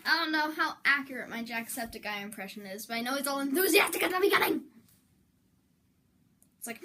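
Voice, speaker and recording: A woman's voice: sits high, lively intonation, fairly quick, noisy background. A woman YouTuber in casual vlog talk, rambling and interrupting herself, with melodramatic outbursts.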